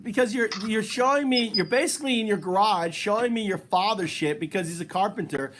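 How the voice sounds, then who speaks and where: A man with a high, light voice chats casually and teasingly with a stranger. He pushes buttons on purpose and laughs easily. A faint hiss sits under the recording. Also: a little fast. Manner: teasing, provocative, laughs often. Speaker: streamer chatting with strangers. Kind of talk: casual chat.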